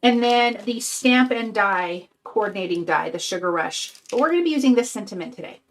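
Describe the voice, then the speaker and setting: A woman's voice: medium pitch, expressive, a little fast. An older woman hosting a casual live craft stream, chatty and sweet, sounding tired and a bit out of breath. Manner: chatty, reads out viewer comments, sweet and upbeat. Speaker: craft channel host.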